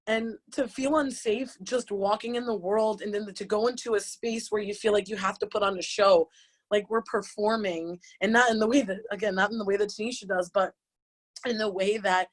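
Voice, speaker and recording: A woman in her late twenties, a yoga teacher speaking on a panel, talking through tears in an impassioned, halting way with many restarts. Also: medium pitch. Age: late 20s. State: crying, tearful. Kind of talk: emotional personal testimony on a panel.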